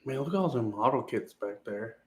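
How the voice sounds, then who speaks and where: A man's voice: mid-range voice, animated, brisk, heavy background noise. A man with a mid-range voice chatting loosely as a podcast co-host. He jokes around and acts out the people in his stories. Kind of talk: casual storytelling chat.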